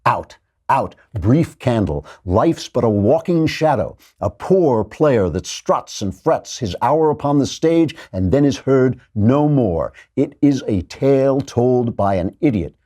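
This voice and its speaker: A man voicing the despairing, doomed Scottish king Macbeth, reciting Shakespeare in a slow, grave, theatrical way with a husky, dark voice. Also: mid-range voice, big pitch swings, exaggerated voice. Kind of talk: dramatic Shakespeare reading.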